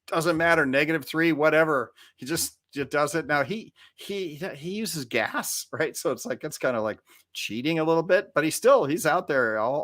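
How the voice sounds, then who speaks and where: A man's voice: mid-range voice, a bit bright, dry recording, studio quality. A man in his forties, hosting a casual podcast chat and telling a long rambling story with restarts. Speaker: podcast host.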